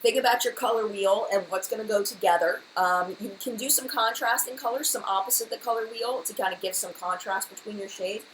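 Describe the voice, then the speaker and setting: Fast-talking chatty woman host. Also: medium pitch, fairly bright tone, a little hiss or hum, rough recording. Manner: fast, chatty, rambling with many fillers. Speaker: beauty channel host. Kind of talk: live-stream chat answering viewers.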